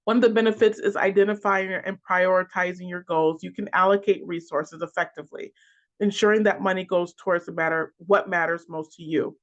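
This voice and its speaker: A financial coach's medium-pitched voice, fairly bright and fairly even in intonation, carries a class lecture through a list of points. The speech halts, with restarts and repeated words, and the recording sounds dull and lo-fi.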